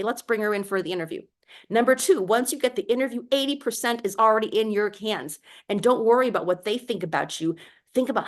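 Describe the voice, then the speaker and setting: Upbeat lady coach talking interviews, punchy and emphatic, mid pitch. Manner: energetic and emphatic, acts out timid voices. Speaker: career coach. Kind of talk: coaching talk to camera.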